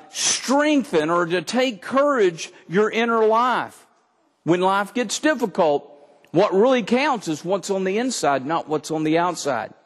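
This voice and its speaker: A Texas pastor with a high-pitched voice preaches a sermon in a big-room sound, reading scripture and explaining it with humor.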